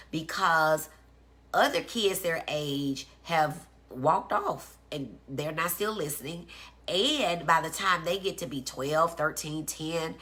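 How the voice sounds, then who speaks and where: Bright-voiced woman teaching on a livestream. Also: low-pitched. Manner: chatty, explains and checks in with "okay?", greets viewers by name. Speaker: doctor teaching about autism on a livestream. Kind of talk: casual livestream lecture.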